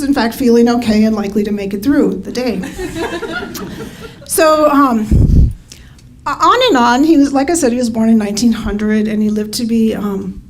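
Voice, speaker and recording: A middle-aged woman speaks at a live storytelling night, her voice pitched somewhat high. She tells her tale wryly and keeps slipping into laughter. A faint hiss sits under the stage microphone. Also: rough recording. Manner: wry, laughs through the telling. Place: live event venue.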